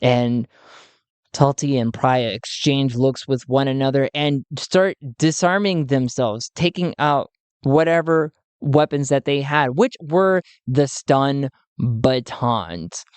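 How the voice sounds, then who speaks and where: A narrator running a solo tabletop game, talking slowly and thinking aloud with frequent chuckles. Dry, close sound with no room echo. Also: mid-range voice, lively intonation, clean tone.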